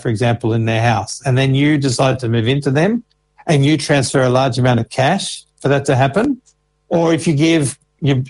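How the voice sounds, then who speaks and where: Aussie guy explaining rules step by step, mid pitch, patient, lots of examples. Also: darkish tone, low-quality recording. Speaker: Services Australia financial information officer. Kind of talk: explanatory interview answers.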